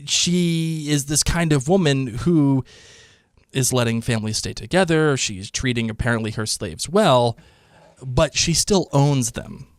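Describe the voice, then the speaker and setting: A man co-hosting a podcast, talking through a TV episode with animated energy. His voice sits in an ordinary middle range. The sound is dry and close, with no room around it. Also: mid-range voice, measured pace, no room sound. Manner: animated, quotes characters in put-on voices. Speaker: podcast co-host. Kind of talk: casual chat about a TV episode.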